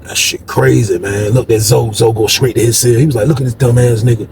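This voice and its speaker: A man telling a story from prison life in a casual, animated way, acting out what people said with sudden jumps in voice. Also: a little fast, vocal fry, background noise. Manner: animated, acts out quotes with big pitch jumps.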